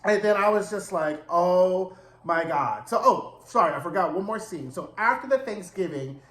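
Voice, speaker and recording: Chatty high-voiced man in an echoey room. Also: expressive, fairly quick, fairly bright tone. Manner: chatty, dramatic retelling with frequent "right?" and swearing. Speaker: TV recap host. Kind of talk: casual review and recap. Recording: roomy echo.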